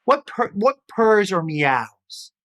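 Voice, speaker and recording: A man's voice: high-pitched, very animated, takes it slowly, fairly bright tone. A man leading a children's yoga storytime, playful and encouraging, with little sound effects along the way. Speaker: kids' yoga instructor.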